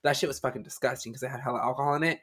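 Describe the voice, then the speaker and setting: A man's voice: mid-range voice, steady tone, fairly bright tone. A young man in casual chat with friends, telling blunt, profane stories. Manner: rapid, profane, blunt storytelling.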